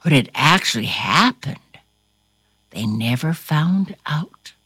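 A woman's voice: sits low, expressive, slow pace, a bit bright, husky, dry recording, studio quality. A woman reading a children's storybook aloud with dramatic flair, dropping to whispers and rising to cries, then chatting about the book. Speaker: storybook reader. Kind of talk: expressive read-aloud storytelling.

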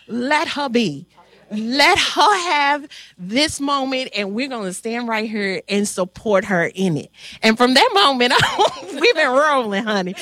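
A woman hosting a talk on grief, telling a personal story in a heartfelt, animated way with frequent pauses. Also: on the high side, dry recording. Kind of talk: emotional storytelling.

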